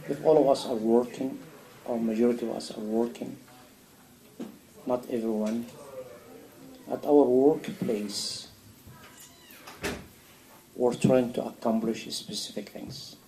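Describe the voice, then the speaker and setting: A man giving a sermon in a mosque, animated and full of rhetorical questions. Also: medium pitch, slow, long pauses, rough recording. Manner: animated, acts out a dialogue with God, rhetorical questions. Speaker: imam answering a question. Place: mosque hall.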